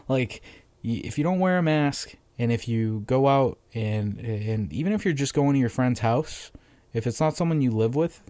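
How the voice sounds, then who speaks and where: A man's voice: medium pitch, darkish tone, no room sound. Brief: young man, Massachusetts accent, medium voice, cursing, dry recording. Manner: profane, rambling, blunt. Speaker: podcast host. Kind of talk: casual solo podcast rant.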